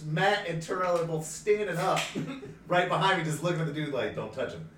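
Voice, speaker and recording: A man telling a story in an animated way in casual chat with friends, laughing often. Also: a little high, fairly quick, distant mic, a little hiss or hum. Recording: echoey room away from the mic, with chatter.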